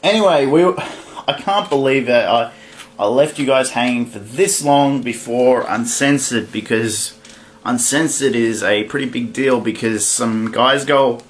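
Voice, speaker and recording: Slight background noise sits behind a young man with a medium-pitched voice as he offers casual solo commentary on a wrestling card for his fantasy booking show. He rambles along, correcting himself and laughing whenever he slips up.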